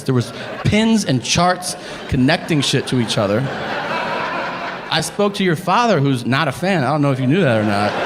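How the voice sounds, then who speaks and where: A man telling a stand-up story on stage, deadpan and exasperated as he acts out the dialogue. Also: fairly high pitch, background noise. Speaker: stand-up comedian. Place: comedy theater stage. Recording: live theater hall with faint ambience. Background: audience laughter.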